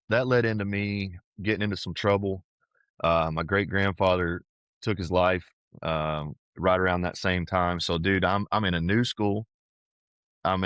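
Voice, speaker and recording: Interviewed on a podcast, a powerlifter recounts something personal in an earnest, easygoing way, frequently saying "man" and "dude." His low voice has a fairly bright tone, and the recording has no echo.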